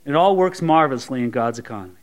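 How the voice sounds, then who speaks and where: A man's voice: mid-range voice, animated, fast. A man preaching an expository sermon, reading scripture aloud and stressing points with rising and falling emphasis. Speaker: pastor.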